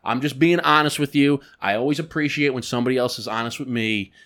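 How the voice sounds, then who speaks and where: A man co-hosting a podcast, telling a work story in casual chat, acting out the people in it and swearing freely. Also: mid-range voice. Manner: fast, animated, acts out quoted people, swears a lot. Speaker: podcast co-host.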